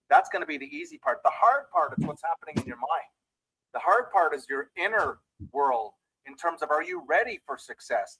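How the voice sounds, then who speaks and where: A man's voice: on the high side, vocal fry, a bit bright, breathy edge, dry recording, poor audio. A man giving a motivational training talk as a mindset trainer, telling a story and speaking directly to his listeners.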